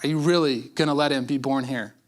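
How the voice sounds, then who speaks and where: A pastor doing an exasperated Joseph. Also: male voice, medium pitch, steady tone, fast talker, lightly acted. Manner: pleading, exasperated. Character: exasperated young husband Joseph.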